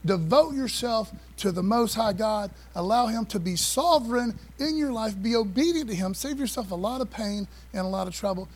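A man preaching a sermon to his church, animated and repeating phrases, calling on the congregation to answer back. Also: high voice, moderate pace, hardly any pauses, poor audio. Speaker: pastor.

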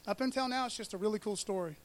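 High-voiced man preaching a casual sermon. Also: very fast. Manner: animated, joking asides, slangy.

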